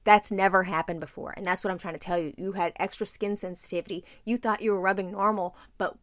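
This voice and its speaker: A woman's voice: mid-range voice, quick pace, no echo, studio quality. A woman co-hosting a casual podcast chat, telling stories with lots of swearing and acting out what people said. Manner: animated, profane storytelling, acts out quotes. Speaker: podcast co-host.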